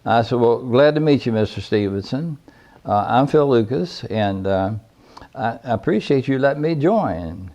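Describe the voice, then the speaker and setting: A man's voice: mid-range voice, animated, normal speed, mellow, dull audio. An older man telling personal stories in a folksy, plainspoken, rambling way. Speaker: veteran caver recounting his history. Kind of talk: personal storytelling.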